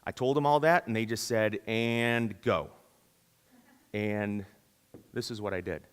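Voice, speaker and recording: A man giving a keynote at a conference, telling a story in a lively way and acting out the voices of the people in it. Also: fairly low pitch, normal speed, clear, resonant tone. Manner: lively, acts out quoted voices. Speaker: keynote speaker. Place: conference hall. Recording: long reverb in a large hall.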